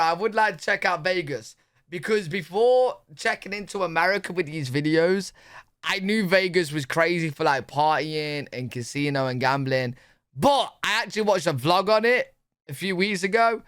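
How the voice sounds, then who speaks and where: A man's voice: fairly high pitch, fairly bright tone, clear, resonant tone, no room sound, studio quality. A young British man talking casually as he reacts to a video, laid-back and chatty. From Britain. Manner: laid-back, chatty, says "bro" a lot. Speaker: reaction streamer.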